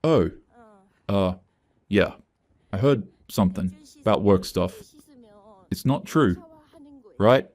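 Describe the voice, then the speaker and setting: An awkward young guy, read by the narrator who sounds uneasy and evasive. The voice is low and casual. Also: takes it slowly, pauses often, darkish tone, no room sound. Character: awkward young male acquaintance.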